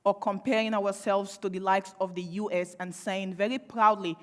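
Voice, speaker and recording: A young woman delivers a public speech in an impassioned, pointed way. She leans on rhetorical questions and dry sarcasm. Her medium-pitched voice carries long reverb from a large hall. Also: steady tone, moderate pace, fairly bright tone. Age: young adult. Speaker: panel speaker.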